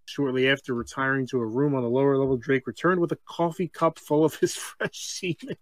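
A man co-hosting a comedy podcast, reading a strange story aloud, breaking off for deadpan asides and laughing mid-sentence. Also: mid-range voice, fairly quick, no echo. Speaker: podcast co-host.

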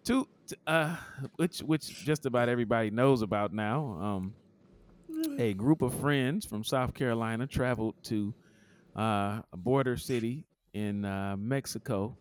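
A man co-hosting a podcast in casual chat, teasing the others and jumping high in pitch when he laughs. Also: unhurried. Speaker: podcast co-host. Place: somewhere warm, at home.

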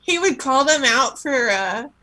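Brief: female co-host, high pitch, very bright, amused and animated. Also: measured pace. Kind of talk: casual chat.

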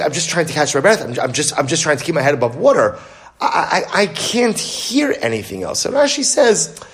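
A man whose voice is on the high side gives an animated Torah lecture, questioning and then answering himself. He delivers it in quick bursts, restarting often.

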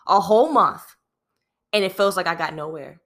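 A woman telling a work story in casual vlog fashion, animated, speaking to her listeners as "y'all" with lots of "you know" and repeated phrases. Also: lowish voice, moderate pace. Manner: frequent fillers and repeated phrases.

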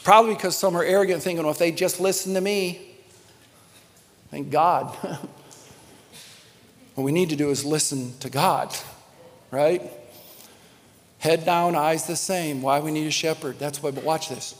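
Pastor, male, animated sermon delivery, hushed to loud, slightly high voice, long hall reverb. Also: a little slow, pauses often. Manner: animated preaching, big swings from hushed to shouting.

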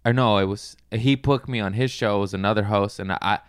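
A man's voice: lowish voice, brisk, smooth, dry recording, clean studio sound. A man in his thirties, a stand-up comedian, chatting casually as a podcast guest, telling stories animatedly with swearing and acted-out quotes.

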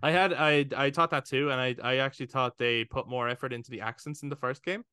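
A man's voice: medium pitch, steady tone, quick pace, bright, forceful tone, clean tone, dry recording, clean studio sound. A man co-hosting a podcast in casual chat, acting out his own thoughts, swearing and laughing. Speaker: podcast co-host.

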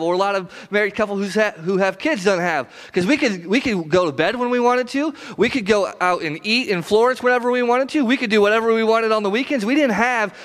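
A man in his thirties with a high voice, preaching as a pastor in a church. He talks to the congregation in an earnest, conversational way. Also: a bit bright. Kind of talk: sermon. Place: church sanctuary.

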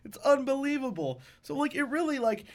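A man's voice: very high voice, very animated, a little fast. A young man co-hosting a podcast, telling rambling, profane, joking stories in casual chat. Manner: rambling, profane, jokey storytelling. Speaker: podcast co-host.

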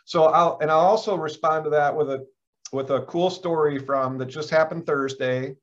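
A man's voice: fairly high pitch, steady tone, moderate pace. Earnest middle-aged man, muffled podcast guest. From Michigan. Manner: earnest and upbeat, lots of "uh" and restarts. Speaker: guest, leadership coach. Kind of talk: casual interview chat. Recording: dull lo-fi sound.

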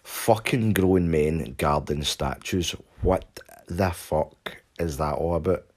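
A young Scottish man casually telling a sweary anecdote, shouting out the lines he quotes. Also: extremely low pitch, slow. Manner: swears constantly, animated retelling with shouted quotes. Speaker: storyteller.

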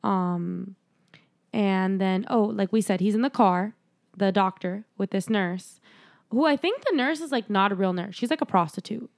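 A woman's voice: mid-range voice, moderate pace, vocal fry. A young woman casually recapping a horror movie with a co-host, chatty, laughing often and swearing freely. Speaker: podcast co-host.

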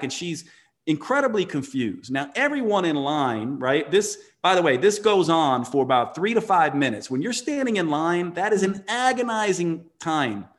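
A man's voice: fairly high pitch, very animated, normal speed. A man telling a motivational story in conversation, earnest and emphatic, often restarting his sentences.

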